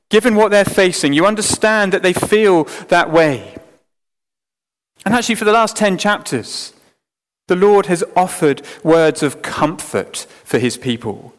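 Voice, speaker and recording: A man preaching a sermon in an earnest, emphatic way, sometimes dropping suddenly to a quiet voice. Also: fairly high pitch. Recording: long hall reverb.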